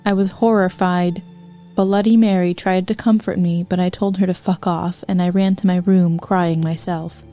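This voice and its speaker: A woman podcast host reading fanfiction aloud for comedy, deadpan with wry asides. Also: fairly low pitch, moderate pace, faint music behind.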